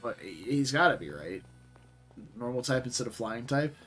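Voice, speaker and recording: A man's voice: medium pitch, lively intonation, moderate pace, a bit bright, faint music behind. A man from the Southern US giving casual, rambling gameplay commentary with many fillers and self-corrections. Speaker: streamer playing a game.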